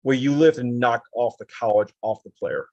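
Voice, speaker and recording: A man's voice: mid-range voice, normal speed, mellow, dry recording, muffled recording. A man who used to cover sports, chatting casually and rambling with lots of fillers. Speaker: podcast guest, former sports reporter.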